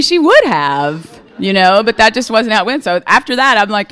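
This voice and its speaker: A woman's voice: mid-range voice, big pitch swings, moderate pace, hardly any pauses, fairly bright tone, clear, resonant tone. A woman giving a candid, conversational recovery testimony at a meeting, often checking in with her listeners. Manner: candid and conversational, keeps asking "right?". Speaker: speaker sharing at a recovery meeting.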